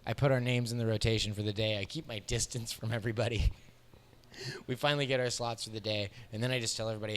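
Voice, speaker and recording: A man in his thirties with an American accent, a comedian telling a profane road story in an animated way, laughing often as he talks. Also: on the low side, quick pace. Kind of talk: storytelling interview. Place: bar.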